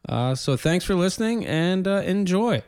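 A man's voice: sits high, expressive, moderate pace, darkish tone, clear, resonant tone, dry recording, studio quality, soft background music. A man in his late thirties co-hosting a podcast, chatting casually in a rambling, self-deprecating way. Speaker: podcast co-host. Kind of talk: casual chat.

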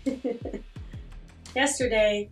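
A woman's voice: fairly high pitch, fairly even intonation, drawn-out words, faint music behind. A middle-aged woman candidly telling a personal story with frank, self-deprecating humor and frequent laughs. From Utah. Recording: roomy echo, distant from the mic.

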